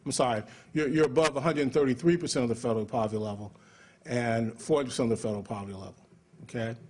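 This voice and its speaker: American guy giving a conference talk, lots of ums and restarts, middle pitch. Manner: conversational lecturing with many fillers and restarts. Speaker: public health executive giving a conference talk. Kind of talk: conference speech.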